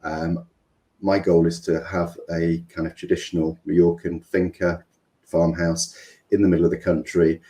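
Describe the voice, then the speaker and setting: Male, middle-aged, Mancunian, deep voice, warm tone, hesitant interview guest. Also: little pitch movement, normal speed. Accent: Mancunian English. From England. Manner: rambling, hesitant, many ums and restarts. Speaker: business coach, guest. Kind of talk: interview conversation.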